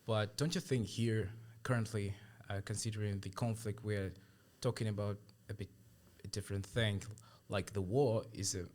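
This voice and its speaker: Low-voiced man hosting a podcast. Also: fairly even intonation, normal speed, hardly any pauses, a little mellow. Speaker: podcast host. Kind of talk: interview questions.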